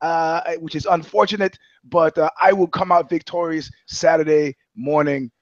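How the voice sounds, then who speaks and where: A man's voice: fairly high pitch, fairly even intonation, dry recording, highs cut off, close to an everyday voice. A man putting on a mock French Canadian accent to play a cocky male fighter trading boasts. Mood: boastful. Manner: boastful, halting, comic smack talk.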